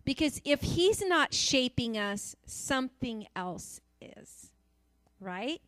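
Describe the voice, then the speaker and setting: A woman's voice: sits high, very animated, slow pace, a bit bright, no room sound. A woman preaching a sermon in an earnest, emphatic way, repeating phrases for stress.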